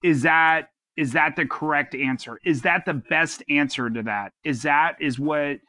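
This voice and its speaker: A man's voice: a little high, measured pace, sharp tone, dry recording. A man co-hosting a podcast, giving earnest advice in a rambling way with many restarts. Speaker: podcast co-host. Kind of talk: casual advice-giving talk.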